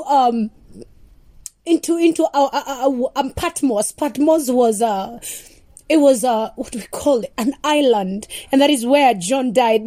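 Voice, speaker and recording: A woman's voice: sits high, warm tone, dry recording. A woman explaining her gospel song as impassioned devotional teaching, earnest and repetitive with preacher-like emphasis.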